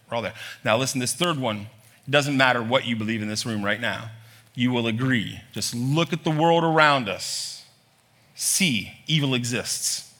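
Bright-voiced male preacher. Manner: lively preaching, voice climbing high on emphatic lines; asks many rhetorical questions. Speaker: pastor. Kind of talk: sermon. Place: church hall.

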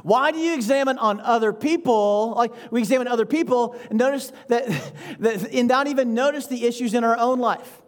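A man's voice: very high-pitched, moderate pace. A man giving a sermon as pastor, talking in a conversational way, often checking in with "right?" and chuckling between points.

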